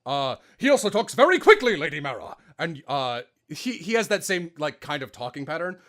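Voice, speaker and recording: A young man co-hosting a podcast, talking shop about voice acting in an easygoing, self-deprecating way. His voice sits a little high for a man and swings widely in pitch as he talks. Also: sing-song, brisk, fairly bright tone. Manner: chatty and self-deprecating, lots of fillers. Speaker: podcast co-host, voice actor. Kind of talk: casual chat.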